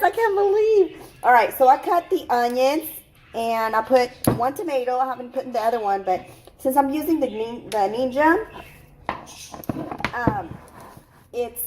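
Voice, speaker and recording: Slow, chatty woman cooking at home. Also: on the high side, noisy background. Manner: chatty, rambling, many fillers and self-corrections. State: teary from cutting onions. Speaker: cooking vlogger. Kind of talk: casual cooking tutorial. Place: home kitchen in Mexico.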